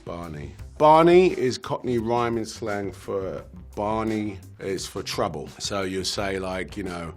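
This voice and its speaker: A relaxed British man with a fairly low voice talks through slang words to camera. He takes his time, chuckles now and then and fills pauses with ums. There is a faint bed of music under him. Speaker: slang explainer in a video clip. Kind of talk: casual explanatory chat to camera.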